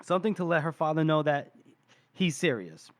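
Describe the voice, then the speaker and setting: A man co-hosting a book podcast, retelling scenes with a lot of laughing. His voice sits a little high. The sound is dry and close. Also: lively intonation, fairly quick, dry recording. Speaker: podcast co-host. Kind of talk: casual book discussion.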